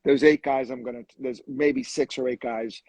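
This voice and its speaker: A man with a slightly husky voice talks over a video call in a dry, close sound. He chats casually, restarts his sentences and laughs at his own jokes. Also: medium pitch, steady tone, moderate pace, a little mellow, no echo, low-quality recording. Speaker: hair restoration surgeon, co-host. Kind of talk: casual live-stream chat, telling jokes.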